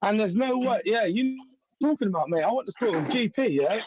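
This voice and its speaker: A man's voice: high voice, lively intonation, a little fast, a little mellow, breathy edge, no echo, muffled recording. A man from North London with a London accent, calling into a live stream and talking in a swaggering, sweary way. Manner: swaggering, sweary, laughs a lot. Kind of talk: brash live-stream chat.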